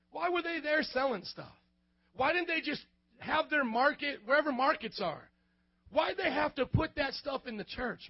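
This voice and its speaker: A young youth pastor with a very high, light voice preaches to a church youth group. He is animated and slangy, acting out the voices of the people in his examples and often rising to a shout. The recording sounds muffled and lo-fi. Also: vocal fry, slightly rough, no echo. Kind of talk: youth sermon.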